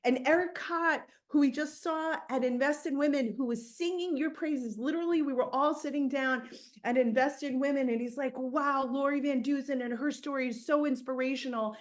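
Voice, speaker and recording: A woman's voice: sits high, steady tone, moderate pace. A woman hosting an online book interview on a video call, effusive and emotional in her praise. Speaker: interviewer and book club host.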